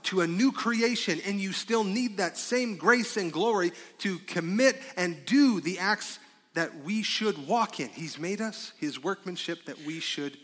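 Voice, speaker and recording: A pastor delivers his sermon, firing rhetorical questions and jumping into loud, excited bursts. His voice sits high and bright. It rings with the long reverb of a big hall.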